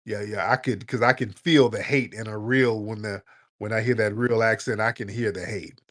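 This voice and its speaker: A man hosting a call-in show, blunt and joking, scolding his callers in loud, casual talk. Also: lowish voice, steady tone, moderate pace. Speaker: radio call-in host.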